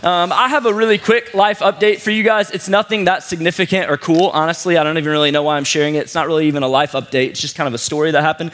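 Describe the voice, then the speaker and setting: High-voiced, chatty young preacher. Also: male voice. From St. Louis, USA. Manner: chatty, joking storyteller with many fillers; playful, animated quoted voices. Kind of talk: casual sermon to a live audience.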